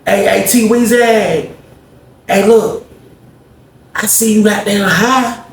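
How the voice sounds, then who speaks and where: A man voicing a fellow male inmate in a high, sing-song, wheedling tone. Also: slow pace, vocal fry, echoey room, exaggerated voice.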